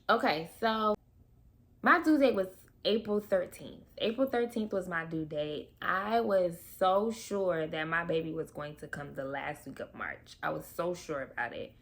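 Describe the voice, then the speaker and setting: A young woman vlogging as a new mom, telling her birth story to camera in a chatty, expressive way with casual slang. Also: lowish voice.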